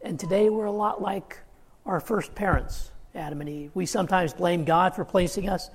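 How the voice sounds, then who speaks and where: A man's voice: sits high, moderate pace, slightly rough, in a large hall. A man preaching a sermon, earnest and emphatic, quoting scripture as he goes.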